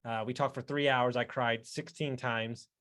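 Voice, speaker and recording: Emphatic, loud-talking male podcast host. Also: medium pitch, steady tone, normal speed. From Texas. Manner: loud, emphatic storyteller who swears freely. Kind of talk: casual podcast conversation.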